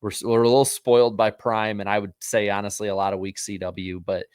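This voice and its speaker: A man's voice: fairly low pitch, level tone, brisk, darkish tone, clean tone, dry recording, clean studio sound. A man co-hosting a casual racing podcast, chatting and giving opinions. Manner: conversational, throws in impressions of commentators. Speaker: podcast co-host. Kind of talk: casual chat.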